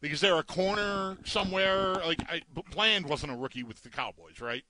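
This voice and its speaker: A man's voice: a little high, normal speed, pushed and bright. A man co-hosting a sports talk show, rambling casually and stammering through many restarts. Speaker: co-host. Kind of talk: sports betting radio chat.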